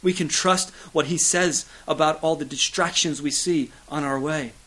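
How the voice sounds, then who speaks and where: Guy preaching a sermon, repeats lines, gets loud then drops real quiet, bit of uh here and there. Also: moderate pace, poor audio. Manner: dramatic swings from loud emphasis to hushed low delivery; repetitive preaching cadence with occasional fillers. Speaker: pastor.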